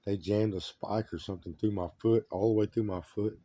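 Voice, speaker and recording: Man with a very dark, mellow voice. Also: fairly low pitch, steady tone, a little fast. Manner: agitated, repetitive, emphatic complaints. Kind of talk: rambling monologue to camera.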